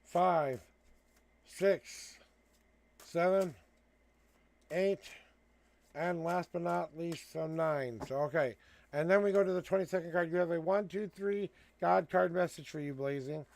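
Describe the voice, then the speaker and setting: A man's voice: fairly high pitch, a little slow, creaky, long pauses, darkish tone. A man hosting a live tarot reading from home, counting out cards and then giving earnest spiritual encouragement and blessings. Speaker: tarot reader hosting a livestream. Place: at home with a cat.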